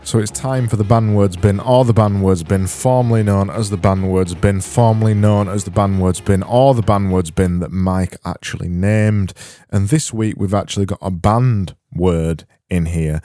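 Low, mellow man rambling. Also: normal speed, faint music behind. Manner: rambling, self-interrupting, deadpan. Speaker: podcast host. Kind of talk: solo comedic podcast rambling.

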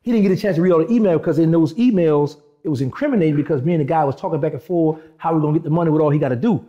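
Fast-talking man telling a story. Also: a little high, highs cut off. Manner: animated, acts out quoted dialogue in shifting voices. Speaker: interview guest. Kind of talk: casual storytelling.

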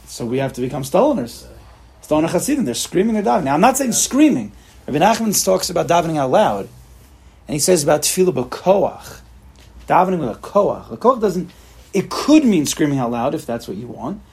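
Animated man teaching a religious class. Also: on the high side, brisk, slightly rough. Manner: animated, repeats himself, acts out examples. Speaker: teacher leading a Torah study group. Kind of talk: informal religious class talk.

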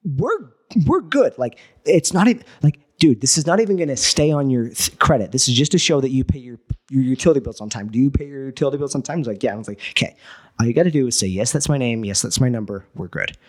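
A guest entrepreneur speaks quickly at a medium pitch, telling a story in casual conversation. He's animated, swears freely, and acts out what people said to him.

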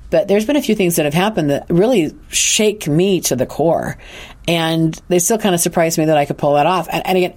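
A woman who works as an intuitive counselor, earnestly telling a personal story on a podcast and often restarting her sentences. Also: sits low. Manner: earnest, animated retelling with frequent restarts.

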